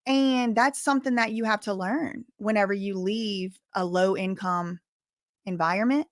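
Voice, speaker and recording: A woman's voice: mid-range voice, fairly bright tone, no room sound. Candid Southern woman YouTuber, dry close sound. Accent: Southern US, softened. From US South, bayou country. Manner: candid, emphatic, repeats words for stress. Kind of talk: casual storytelling to camera.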